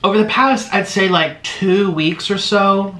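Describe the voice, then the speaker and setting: Gushing over each mouthful, a man hosts a casual mukbang vlog in an unhurried, high-sitting voice. His excitable commentary is packed with exclamations and carries a roomy echo.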